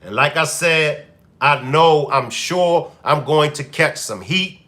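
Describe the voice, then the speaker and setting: Man doing a live stream commentary, aave, bright voice, slow and drawn out, keeps repeating himself at the chat. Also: on the high side. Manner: animated, repeats questions to the chat. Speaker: commentary show host.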